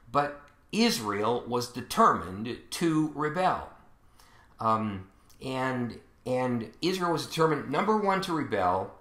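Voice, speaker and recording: Bright and pushed, this man's mid-range voice echoes in a reverberant space as he preaches as pastor. He works through scripture with fillers and restarts now and then, and his emphasis climbs as he reads verses aloud.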